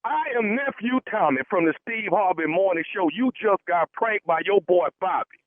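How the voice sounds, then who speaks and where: A man's voice: high-pitched, moderate pace, no echo. A man making a prank phone call on a radio show, complaining and stammering over his words. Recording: tinny phone line.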